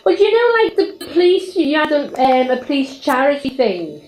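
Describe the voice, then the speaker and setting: A woman asks curious, prompting questions about the family's past. Her voice is slightly high. The room around her is echoey. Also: sing-song, moderate pace, a little mellow, a little hiss or hum. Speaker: interviewer asking family questions. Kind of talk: casual family chat.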